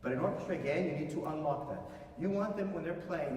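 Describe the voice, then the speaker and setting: A man conducting a master class, coaching a singer with animated remarks and sung demonstrations. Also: fairly high pitch, quick pace, a little hiss or hum. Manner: animated, sings phrases to demonstrate. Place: concert hall. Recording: echoey hall, voice from far off.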